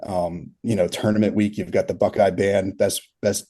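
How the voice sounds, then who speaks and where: This low-pitched, husky voice has a dark tone, a level delivery and a moderate pace. It belongs to a man in his thirties, a turf consultant on a podcast, who wanders through casual interview stories full of fillers and laughter.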